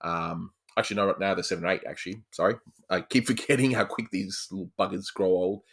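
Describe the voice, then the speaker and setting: A man in his thirties, a father, chatting casually as a podcast guest, halting and repeating words with frequent laughs. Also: low voice, fairly even intonation, fairly bright tone, husky.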